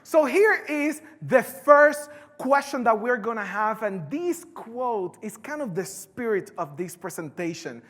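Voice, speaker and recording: A woman with a Spanish accent, a native Spanish speaker, giving a live conference talk in an animated, playful way and drawing in the audience. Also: a little high, measured pace, few pauses. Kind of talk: live keynote presentation. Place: large conference hall. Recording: echoey conference hall.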